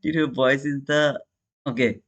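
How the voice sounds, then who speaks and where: A man's voice: medium pitch, fairly even intonation, a little slow, a bit bright, highs cut off. A man with an Indian accent chatting casually with viewers while he hosts a live trading stream, calling them brother and answering chat. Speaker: day trader and live-stream host.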